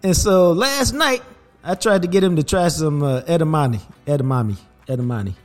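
An older man with a drawl tells a family anecdote as a podcast host. He is casual and animated, jumping into little voices for the people in his story. His voice sits a touch high, with faint music underneath. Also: normal speed.

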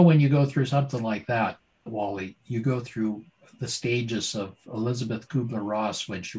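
A man's voice: fairly low pitch, darkish tone, rough recording. A middle-aged man, a former doctor and now a speaker, telling his story as an interview guest with dramatic pacing and rhetorical questions.

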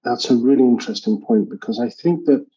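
Man, podcast guest, husky voice, earnest, repeats words, muffled sound. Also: medium pitch, brisk, dark tone. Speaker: guest, engineering manager. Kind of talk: podcast interview.

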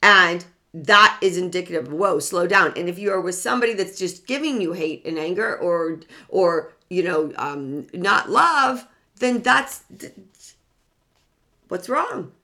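A woman's voice: fairly low pitch, expressive, unhurried, pushed and bright. A woman giving a motivational self-help talk to an audience. She speaks earnestly, repeats key words and asks rhetorical questions as she goes.

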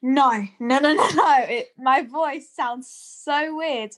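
A British teenage girl co-hosts a podcast and chats in a giggly, hesitant way. Her voice is high-pitched, and she speaks slowly. She often pauses to think. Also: a bit bright. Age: teens. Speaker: podcast co-host. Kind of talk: casual chat.

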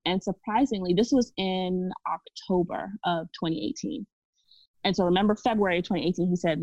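A woman's voice: mid-range voice, brisk, mellow, no room sound. A woman from Brooklyn, guesting on a podcast and telling her story candidly in a chatty way, often laughing. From Brooklyn, New York. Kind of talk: casual podcast conversation. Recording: dull lo-fi dry sound.

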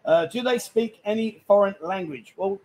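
A man's voice: sits high, normal speed, rough recording. A man hosting a live stream from a bar, bantering cheekily with guests. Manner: cheeky, bantering, loud asides. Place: busy bar.

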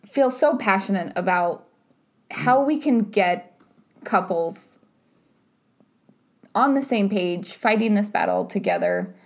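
A woman's voice: mid-range voice, very animated, slow pace, pauses often. A woman co-hosting a casual couples podcast, talking animatedly and filling her sentences with "like" and "right?". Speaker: podcast co-host.

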